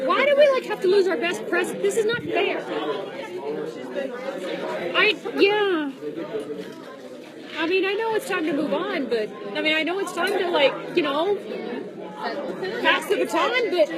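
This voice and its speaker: A woman with a high voice chats casually at a banquet. She is emotional and keeps laughing to hold back tears. A lively crowd murmurs all around her. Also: measured pace, long pauses. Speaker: sound engineer at a banquet. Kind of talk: casual chat. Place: large banquet hall. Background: crowd chatter.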